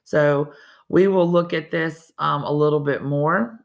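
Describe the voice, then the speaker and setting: A woman talks through a recorded lesson in a loose, chatty way. Her voice carries a bit of gravel, and she often stops and restarts mid-sentence. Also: low voice, steady tone, unhurried. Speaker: teacher.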